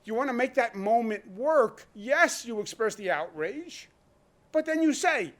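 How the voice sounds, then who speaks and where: A man's voice: very high voice, animated, measured pace, fairly bright tone. A man speaking as a state governor in a public briefing, blunt and emphatic, driving his points home with rhetorical questions. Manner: blunt, conversational.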